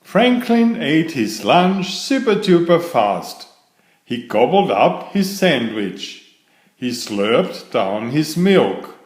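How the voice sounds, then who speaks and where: A man reading a children's picture book aloud, slow and expressive. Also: medium pitch. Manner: slow, sing-song, expressive. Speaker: storybook reader. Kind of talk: children's story read-aloud. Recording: echoey room.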